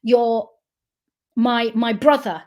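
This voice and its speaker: A woman's voice: on the high side, fairly even intonation, slow pace, darkish tone, voice pushed down. A woman quoting her late father, an older man giving an ominous warning. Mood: grave warning.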